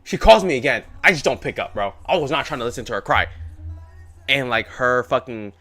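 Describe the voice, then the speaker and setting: A young man of medium pitch, a bit bright, speaks fairly quickly with lively intonation while live-streaming his trades. His talk is casual, slangy, and rambling, full of "bro," over faint background music.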